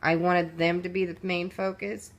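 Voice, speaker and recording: A woman's voice: fairly low pitch, flat delivery, normal speed. A woman chatting casually through her craft project, rambling with fillers and restarts, sounding a little sleepy and recorded on a phone at home. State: sleepy, yawning. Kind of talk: casual show-and-tell walkthrough. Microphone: phone camera.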